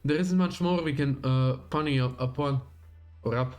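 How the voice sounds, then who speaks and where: A man voicing a nervous, defensive village farmer who talks high-pitched, agitated and blustering, read aloud from a game story on a livestream. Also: moderate pace, a little mellow, close to an everyday voice.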